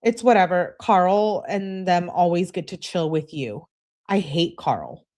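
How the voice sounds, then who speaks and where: A woman voicing a jealous, demanding young woman in a whiny, high voice. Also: measured pace, darkish tone, natural voice.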